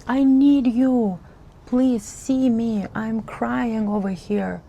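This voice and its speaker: A woman voicing a hurt little child, pleading slowly and plaintively to be seen and held. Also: a little high, steady tone, creaky, dark tone, muffled recording, pitched above the performer's own voice, exaggerated voice.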